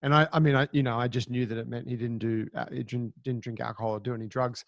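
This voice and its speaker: A male podcast host asking relaxed, curious questions with some hesitant restarts. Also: mid-range voice, quick pace, gravelly, no echo. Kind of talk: interview questions.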